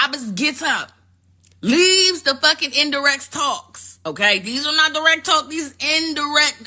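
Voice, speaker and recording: A woman hosting a show, telling a story in casual, profane, animated commentary. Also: high voice. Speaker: show host.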